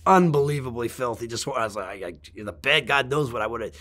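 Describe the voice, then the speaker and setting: A man's voice: mid-range voice, animated, fairly quick, bright, forceful tone. A man telling a travel story in a rambling, casual way, swearing often and stammering as he restarts his sentences. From United States. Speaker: interviewee.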